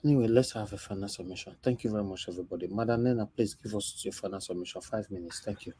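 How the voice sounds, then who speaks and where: A man with a Nigerian accent hosting a panel discussion in a relaxed, conversational way. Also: fairly low pitch, racing, slight background noise. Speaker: talk show host.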